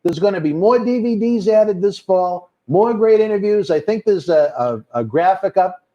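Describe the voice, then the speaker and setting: A man with a Boston accent hosts a live wrestling watch-along, reading out viewer comments and calling people brother in casual stream chat. His voice is high-pitched, animated, and mellow, at normal speed, with lo-fi sound.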